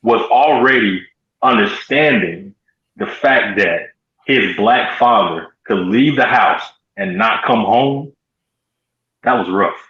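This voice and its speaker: Halting low-voiced man in an echoey room. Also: animated. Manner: halting, repeats words when emotional. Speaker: co-host. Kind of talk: casual chat, personal story. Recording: echoey, dull low-fi audio.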